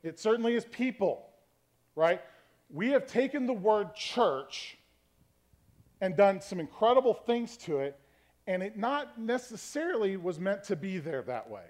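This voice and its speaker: A man's voice: sits high, big pitch swings, a little slow, darkish tone. A man preaching a conversational sermon, teaching from scripture and checking in with his listeners, often asking "okay?". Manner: varies tone to demonstrate meanings. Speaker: pastor.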